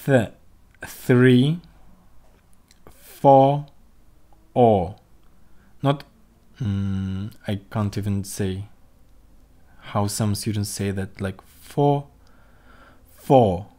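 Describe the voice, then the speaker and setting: A man teaching a livestreamed vocabulary lesson, slowly modelling pronunciation and repeating sounds for his students. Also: on the low side, fairly even intonation, warm tone. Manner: slow, careful, demonstrates pronunciation by repeating sounds. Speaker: language teacher. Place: home room, streaming. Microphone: computer mic on a livestream.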